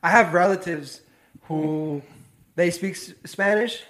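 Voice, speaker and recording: High-voiced young man, halting casual talk. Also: fairly bright tone. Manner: easygoing, hesitant, lots of "like" and "bro". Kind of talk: casual chat.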